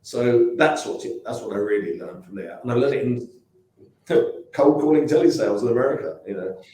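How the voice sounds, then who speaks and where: A man's voice: mid-range voice, animated, normal speed, mellow. A man in his sixties with an English accent, a company founder telling rambling anecdotes in a casual interview, with restarts and asides. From England. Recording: very echoey room.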